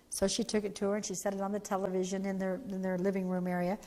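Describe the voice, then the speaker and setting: A woman, an organization's founder, giving an animated storytelling talk for a training video, acting out the voices she quotes. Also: medium pitch, very fast, few pauses, in a large hall.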